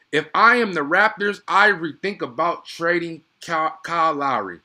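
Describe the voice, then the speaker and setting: A young man doing casual live play-by-play of a basketball game, excitable and slangy, chatting with his viewers between plays. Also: on the high side, unhurried, few pauses.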